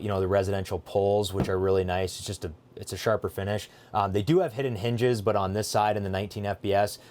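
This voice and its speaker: Eager low-voiced man giving a tour. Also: darkish tone. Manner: eager, filler-heavy, self-correcting. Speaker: dealership host showing a trailer. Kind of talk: casual walkthrough with a colleague.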